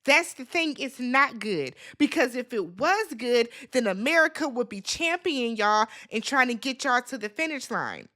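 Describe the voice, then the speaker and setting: Woman recap vlogger, high bright voice, sassy and blunt, addresses the audience directly. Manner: sassy, animated, talks straight to viewers as "y'all"; blunt and opinionated, quick swings in loudness. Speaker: recap vlogger, show host. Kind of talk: casual reality-TV recap commentary.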